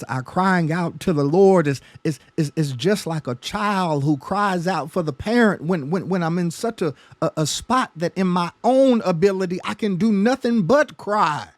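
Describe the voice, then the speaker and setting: A man's voice: fairly high pitch, a little mellow, no room sound. A man pastor teaching a Bible study sermon, emphatic, often repeating words as his passion builds. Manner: emphatic, stammering repetitions, rising passion.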